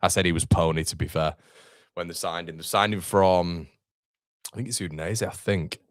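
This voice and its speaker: A young man hosting a live football watchalong, excitable and sweary, chatting to his viewers. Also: deep voice, normal speed, no room sound, studio quality. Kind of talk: live match reaction.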